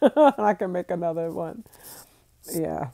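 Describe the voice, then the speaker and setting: A woman's voice: fairly low pitch, very animated, slow, vocal fry, warm tone. A woman in her thirties from the United States, chatting casually on a phone livestream, laughing often and answering viewer comments. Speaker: vlogger reading live chat.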